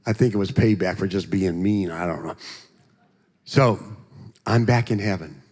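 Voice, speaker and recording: Animated man telling a church testimony. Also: low-pitched, normal speed. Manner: animated, joking storyteller who acts out voices. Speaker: guest speaker giving a testimony. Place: church sanctuary. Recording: long church hall reverb.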